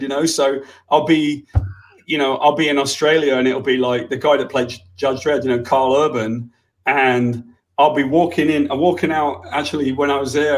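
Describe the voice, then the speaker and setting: A man, rambling through anecdotes in casual chat and swearing freely. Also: fairly high pitch.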